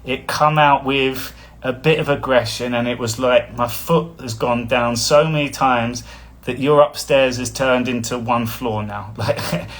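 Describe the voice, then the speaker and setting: A man's voice: medium pitch, steady tone, measured pace, fairly bright tone. Rambling man on a live stream. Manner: rambling, chuckles often, blunt. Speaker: spiritual coach hosting a live stream. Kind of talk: casual livestream talk.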